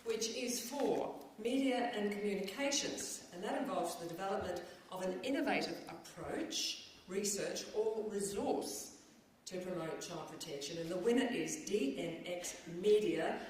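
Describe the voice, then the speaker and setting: Her mid-range voice is animated though a little slow, with some hiss or hum on the recording. Presenting an awards ceremony from the stage of an event venue, she reads formal prepared remarks peppered with fillers and ad-libs, in an echoey hall with faint ambience.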